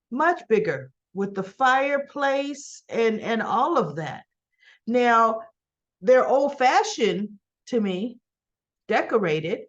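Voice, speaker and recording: A woman giving a casual, chatty recap, animated and full of rhetorical asides. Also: a little high, muffled recording. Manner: animated, rhetorical asides, talks back to characters. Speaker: soap opera recap vlogger.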